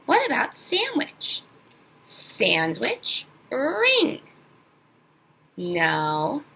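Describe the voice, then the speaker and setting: A woman teaching an online phonics lesson to young children, sounding out words slowly and with exaggerated emphasis. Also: medium pitch, very animated, creaky, bright, forceful tone, slight background noise, low-quality recording.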